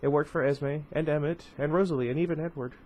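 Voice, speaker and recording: Bella, a man reading a quietly stubborn young woman. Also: on the high side, steady tone, fast talker, slight background noise, lightly acted, low-quality recording. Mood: resolute.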